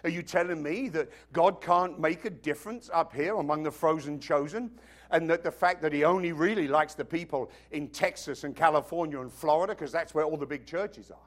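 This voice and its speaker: A man's voice: fairly high pitch, a little fast. A man from Britain with a British accent preaching a sermon, emphatic and joking, often asking the congregation whether they follow. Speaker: pastor.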